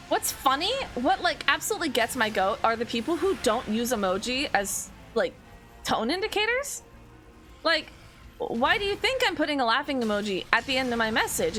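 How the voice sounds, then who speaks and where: Young woman, streamer, bright voice, rambling casual chat, faint music behind. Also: a little high. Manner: rambling, animated, self-interrupting with lots of "like". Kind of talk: casual chat while gaming.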